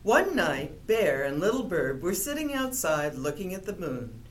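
A woman reading a children's picture book aloud in a gentle, expressive storytelling manner. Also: fairly low pitch, a little slow. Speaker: storybook reader.

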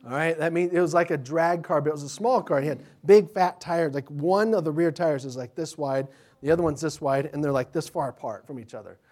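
A middle-aged man, a pastor, telling stories to children in an animated, chatty way, often restarting his sentences. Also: a little high, a little fast. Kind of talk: children's sermon storytelling.

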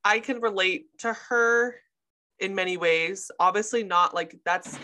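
A woman co-hosts a casual podcast chat, her voice bright and forceful. She retells scenes with animated energy and swears freely. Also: mid-range voice, measured pace. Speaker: podcast co-host; sister of co-host.

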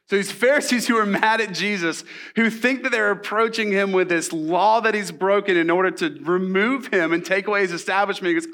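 A man preaching a sermon in a church, animated and conversational, with casual asides to the congregation. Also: high voice, a little fast, few pauses. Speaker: pastor.

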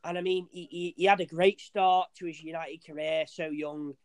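A man's voice: on the high side, fairly even intonation, moderate pace, no echo. A young man in casual football chat, rambling, swearing and restarting his sentences, calling his friend mate. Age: young adult.

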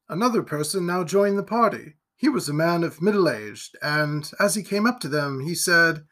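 A man reading a gothic novel aloud in steady, even storytelling narration. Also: a little high, normal speed, few pauses. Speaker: audiobook reader.

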